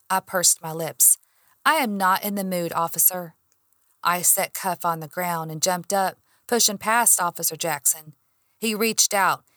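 A woman reading a first-person audiobook in an expressive way, acting out her own heated lines. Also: lowish voice, no echo, clean studio sound. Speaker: audiobook narrator.

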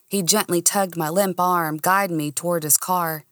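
A woman narrating a serialized mystery story in an expressive, cozy first-person reading. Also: fairly low pitch, normal speed, hardly any pauses, dry recording, clean studio sound. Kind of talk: audiobook narration.

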